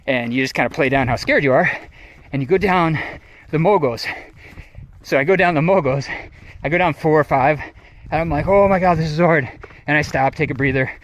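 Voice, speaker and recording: A middle-aged man telling a lively, casual story on an outdoor trail and acting out his friends' voices. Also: a little high, moderate pace, pauses often. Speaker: trail runner vlogger. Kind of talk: casual storytelling while running. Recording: noisy outdoor recording.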